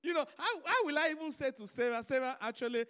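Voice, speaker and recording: A preacher acting out Abraham as an old patriarch, sounding hesitant and unsure. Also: male voice, extremely high pitch, lively intonation, quick pace, bright, forceful tone, full character voice. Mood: musing. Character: old patriarch Abraham, calmly wondering aloud.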